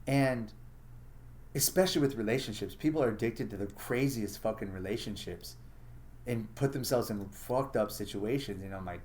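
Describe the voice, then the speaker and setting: A man's voice: on the low side, moderate pace, darkish tone. A man hosting a casual solo monologue, blunt and profane, acting out his own inner thoughts as he talks. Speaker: podcast host.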